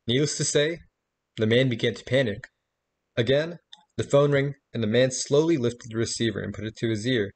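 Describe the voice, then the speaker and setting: Husky man reading a campfire story. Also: mid-range voice, normal speed. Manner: steady storybook narration.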